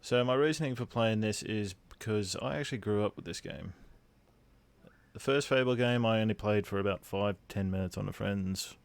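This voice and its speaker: A man's voice: fairly low pitch, normal speed, vocal fry, no echo. Australian man streaming a game. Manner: chatty, thanks viewers as he plays. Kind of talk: casual live-stream commentary.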